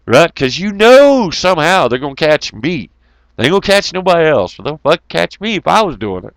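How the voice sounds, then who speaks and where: A man's voice: a little high, big pitch swings, a little fast, fairly bright tone, dry recording. A middle-aged man hosting an online talk show, ranting heatedly with lots of swearing and mocking asides. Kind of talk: profane ranting monologue.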